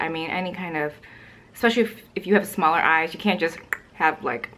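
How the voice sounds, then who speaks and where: A woman's voice: deep voice, brisk, fairly bright tone, a little hiss or hum. A young woman chatting casually to camera at home about makeup, rambling with lots of fillers and a little out of breath. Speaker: beauty vlogger.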